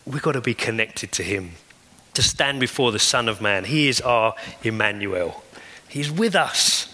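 A pastor delivers an earnest sermon, stacking repeated phrases for emphasis. His voice is bright and forward at a middle pitch. It rings out with a long reverb, as in a large church hall. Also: animated, a little slow.

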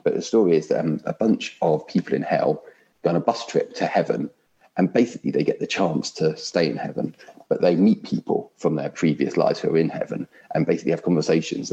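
A man's voice: sits low, creaky, warm tone, husky, highs cut off. A man preaching a sermon from home in an earnest, conversational way. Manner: earnest, repeats "actually" often.

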